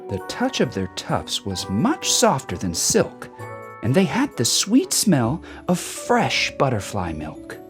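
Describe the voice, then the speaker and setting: A woman reading a rhyming children's book aloud in an expressive storytelling manner. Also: extremely low pitch, slow pace. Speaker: storybook reader. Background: soft background music.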